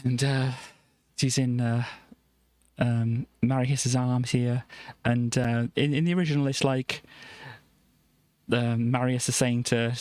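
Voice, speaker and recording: A woman's voice: a bass voice, little pitch movement, takes it slowly, a little mellow, no room sound. A woman streamer chatting casually about her old comics, rambling and stammering with frequent laughs. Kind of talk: casual live-stream chat.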